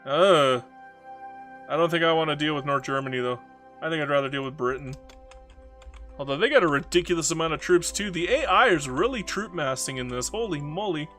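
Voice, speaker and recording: A man's voice: on the high side, a little fast, fairly bright tone, faint music behind. A man casually commenting on a strategy game while streaming, rambling, mocking himself and reading chat messages aloud.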